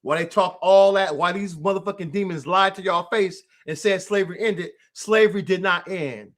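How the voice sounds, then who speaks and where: High-pitched american guy ranting on a stream, cussing a lot, heated, preachy. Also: moderate pace, fairly bright tone. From United States. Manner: addresses an absent rival directly. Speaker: political commentary host. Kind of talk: livestream rant.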